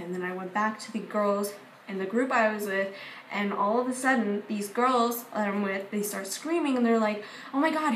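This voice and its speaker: A teenage girl vlogger telling a long story in a casual, rambling way, full of "like" fillers and getting excited. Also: medium pitch. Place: indoor room with air conditioning. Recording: echoey room, far from mic, faint hum. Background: faint air conditioning hum.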